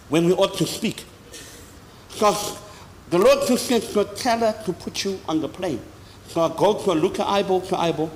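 A man preaching a sermon as an apostle, with sudden loud high bursts and slow emphatic phrases. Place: large church hall. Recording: long hall reverb, faint noise.

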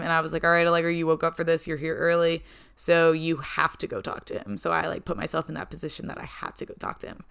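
A raspy-voiced woman in her twenties hosting a podcast, chatting casually and poking fun at herself. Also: lowish voice, fairly bright tone. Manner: chatty, self-deprecating, laughs often. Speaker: podcast host. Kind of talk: casual chat.

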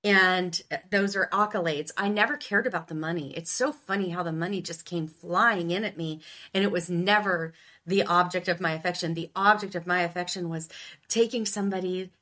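Bright-voiced middle-aged woman from Ohio. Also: fairly low pitch, moderate pace. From Ohio, US Midwest. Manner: animated storyteller who acts out quoted dialogue. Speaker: sales coach and podcast guest. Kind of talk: casual interview storytelling.

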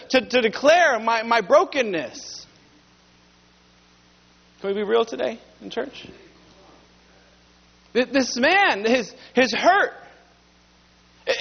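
High-voiced pastor preaching earnestly. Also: male voice, breathy edge, muffled recording. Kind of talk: sermon. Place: church.

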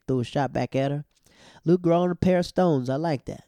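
A young man talks through a TV episode in a chatty, animated way, acting out what the characters say. His voice is mellow and warm. It is recorded dry and close. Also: fairly high pitch, a little fast, no echo. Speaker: show recap host. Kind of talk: casual TV episode recap.

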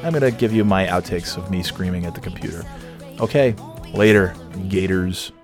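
A man's voice: low-pitched, expressive, quick pace, over music. A man hosting a podcast, ranting furiously and swearing at his computer. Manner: furious, profane ranting and shouting. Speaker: podcast host.

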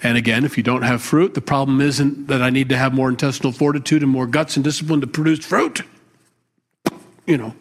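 A man's voice: mid-range voice, fairly even intonation, fairly quick. A middle-aged man, a pastor, teaching a conversational sermon in a plainspoken, candid way, with asides and self-deprecating humor. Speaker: pastor teaching a Bible study.

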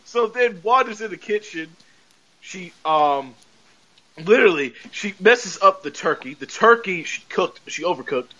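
A man's voice: sits high, expressive, measured pace, sharp tone. A man hosting a podcast, retelling a TV episode in a rambling, casual way and laughing often as he talks. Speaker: podcast host. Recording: dull lo-fi podcast audio.

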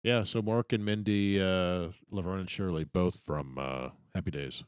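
A man's voice: deep voice, normal speed, clean tone, no echo, studio quality. A man in casual chat, matter-of-fact and full of trivia.

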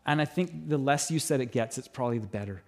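A middle-aged man preaching a sermon as pastor, telling stories with animated delivery and acting out voices. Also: mid-range voice, quick pace, creaky. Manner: animated storytelling, mimics voices in anecdotes. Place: church auditorium.

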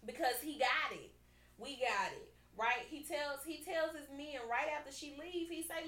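A woman hosting a podcast in casual chat, reading scripture aloud and talking it over in an animated way, repeating her lines and checking in with her listeners often. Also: high voice, unhurried, roomy sound. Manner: animated and chatty, repeats lines and keeps asking "right?". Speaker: podcast host.

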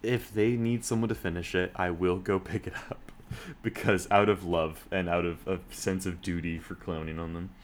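A man's voice: low voice, fairly even intonation, moderate pace, slight background noise. A man co-hosting a podcast in casual chat, teasing and swearing a lot. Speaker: podcast co-host.

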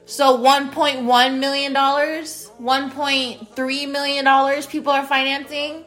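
A woman's voice: sits high, flat delivery, unhurried, fairly bright tone, soft background music. A woman in her thirties hosting a casual solo podcast from a spare bedroom at home. She talks straight to her listeners and repeats her phrases. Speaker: podcast host.

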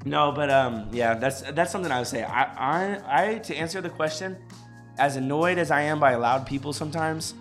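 Lauter junger Mann, lässiges Gespräch. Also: male voice, on the high side, a little fast, soft background music. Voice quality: loud, carrying voice. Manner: animated, swears casually, laughs often. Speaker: co-host. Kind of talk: casual chat on a live stream. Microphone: studio microphone.

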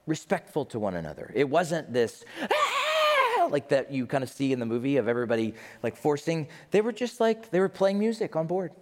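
A man preaching a sermon in an animated way, briefly acting out the people he talks about in quick put-on voices. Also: mid-range voice. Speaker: pastor. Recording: long hall reverb.

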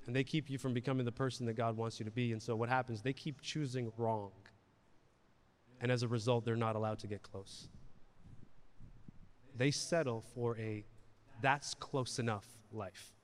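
A man's voice: mid-range voice, little pitch movement, moderate pace, long pauses, big-room sound. A man preaching a sermon in a conversational way, repeating words and asking the audience questions. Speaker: pastor. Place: church hall.

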